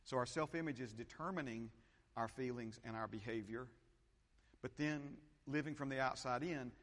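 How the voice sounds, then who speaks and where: A man preaching a sermon as pastor, animated, often repeating phrases and checking in with his congregation. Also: medium pitch, normal speed. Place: church sanctuary. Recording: long hall reverb.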